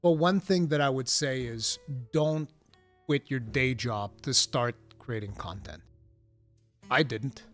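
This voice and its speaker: A man's voice: mid-range voice, slow pace, a bit bright, soft background music. A man hosting a live gaming talk stream, giving blunt, frank advice and swearing casually.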